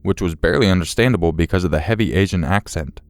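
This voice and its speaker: Deep-voiced male horror story narrator. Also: fast talker, dry recording, soft background music.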